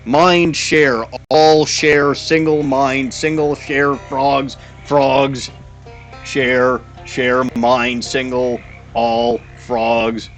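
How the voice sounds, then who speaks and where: A man voicing a chorus of rude, cursed frogs that chant in blunt, croaky one-word bursts. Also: mid-range voice, level tone, very slow, faint music behind. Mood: jumbled.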